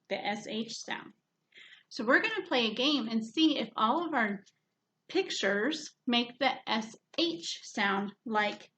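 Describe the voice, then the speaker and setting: A woman running a children's story hour, taking her words very slowly, as if to small kids. Her voice sits fairly high, with a gentle sing-song lilt. A faint hiss runs underneath. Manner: slow, sing-song teacher voice, drawn-out words, hushed shushing. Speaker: children's librarian.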